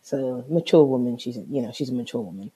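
A woman telling a comic story in a casual, animated, exasperated way, swearing freely. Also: extremely low pitch, fast, breathy edge.

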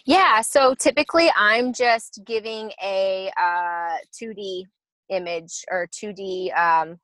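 A woman talks through her design process in a relaxed, conversational way. She explains steps patiently, often pausing with fillers and restarting sentences. Her voice is mid-pitched and recorded dry and close. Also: no room sound, poor audio. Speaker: interior designer. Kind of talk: casual podcast interview.

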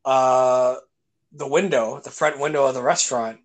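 A man's voice: mid-range voice, steady tone, normal speed. A young man in casual podcast chat, telling long rambling stories and swearing freely. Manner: rambling storyteller, acts out voices in his anecdotes, swears freely.

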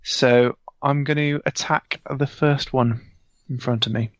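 A man's voice: medium pitch, fairly even intonation, measured pace, no room sound, dull audio. A man playing a tabletop role-playing game in character, laid-back and cocky, calling others mate. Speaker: player.

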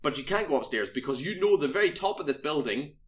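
A man casually retelling a horror film's plot in a relaxed chat. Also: a little high, fast. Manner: animated storytelling, swears casually. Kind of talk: casual film recap chat.

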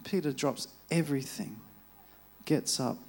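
A man with a medium-pitched voice, slightly rough and a little mellow, preaches a little slowly into a church microphone. He tells the sermon casually, like a chatty story, acting out the quoted parts.

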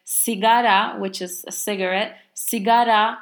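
Slow-talking Turkish-accented woman teacher. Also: mid-range voice, steady tone, fairly bright tone. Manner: explains slowly with many fillers, exaggerates stress on example words. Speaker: language teacher. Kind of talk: casual language lesson.

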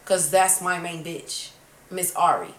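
A woman in her twenties with a fairly low, unhurried voice hosts a casual podcast chat from a kitchen table. She tells a story animatedly, with lots of swearing and acted-out outbursts. The recording sounds roomy and distant from the mic, with faint noise.

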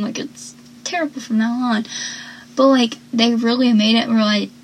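A woman's voice: fairly high pitch, vocal fry, a little hiss or hum, low-quality recording. A woman chatting casually as she recaps a TV show, rambling and acting out the characters' lines. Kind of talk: casual chat.

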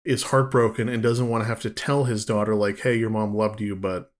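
A man's voice: fairly low pitch, little pitch movement, fairly quick. Joking man chatting about a movie. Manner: jokey, slips into silly voices. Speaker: podcast host. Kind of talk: casual movie discussion chat.

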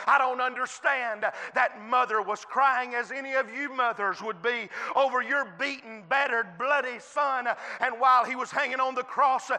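Guest preacher, man, very high bright voice, fervent delivery in a reverberant church. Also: fairly even intonation, normal speed, few pauses. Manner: fervent, swings from soft to shouted. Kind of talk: sermon. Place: church sanctuary.

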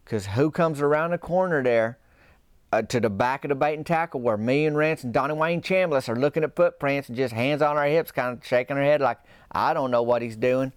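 A man's voice: fairly high pitch, fairly quick, smooth, dry recording, studio quality. A man telling a comic story in a folksy, rambling, drawling way. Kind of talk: comedic storytelling.

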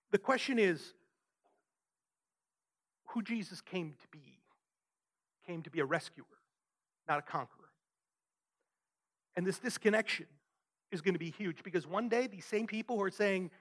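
Male pastor, animated sermon delivery, lively pitch swings. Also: moderate pace, long pauses. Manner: emphatic, rhetorical questions, frequent "right?".

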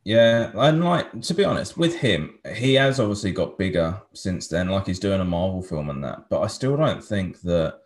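A man with a very deep voice talks in casual chat. He rambles and hedges his points with "like" as he goes. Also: animated, moderate pace, hardly any pauses.

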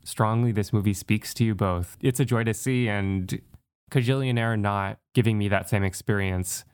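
A man on a film podcast, speaking in a measured, gentle way about a film. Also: lowish voice, fairly even intonation, clean tone, no echo, clean studio sound. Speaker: podcast co-host. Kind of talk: casual film discussion.

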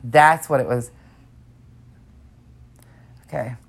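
A woman telling a frank, profane story in casual chat, quoting others in animated voices and laughing often. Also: extremely low pitch, slow, gravelly, breathy edge.

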